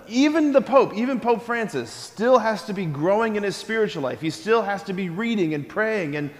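Priest, male, high pitched, energetic homily with call-and-response, long church reverb. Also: a little fast, hardly any pauses. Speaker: Catholic priest. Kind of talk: homily at a school mass.

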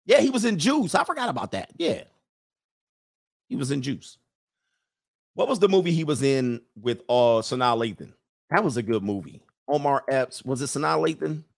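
A man's voice: medium pitch, big pitch swings, moderate pace, creaky. Dude doing a loose rambly livestream, reads comments, keeps chuckling and losing his thread, normal mid voice. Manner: rambling, chuckling, loses his train of thought. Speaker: livestream host reading viewer comments. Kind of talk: casual livestream chat.

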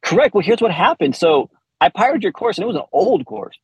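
A man's voice: high-pitched, big pitch swings, brisk, husky, no room sound, dull audio. A man in his forties, a podcast guest, candidly telling a personal story with frequent laughs and restarts.

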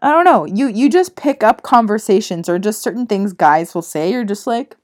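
A woman's voice: medium pitch, expressive, moderate pace, darkish tone. A young woman, co-hosting a casual podcast chat and rambling through stories while acting out the people in them. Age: young adult. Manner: rambling storyteller, acts out quoted voices. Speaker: podcast co-host.

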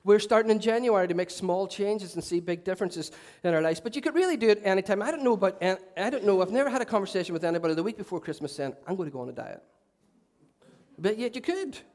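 A man's voice: high-pitched, animated, fast talker, hardly any pauses, a little mellow. A man preaching a sermon to his church, chatty and self-mocking with joking asides. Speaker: pastor. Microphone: handheld mic.

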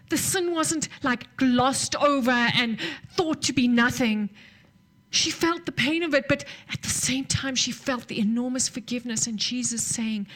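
A woman preaching a sermon, telling a story and dropping to soft near-whispers at tender moments. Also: high-pitched, a little slow.

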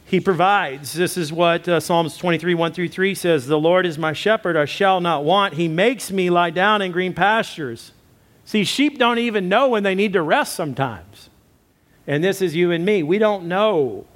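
A man's voice: sits high, normal speed, a bit bright. A man, a pastor, preaching a sermon with emphatic repetition and direct appeals to his listeners.

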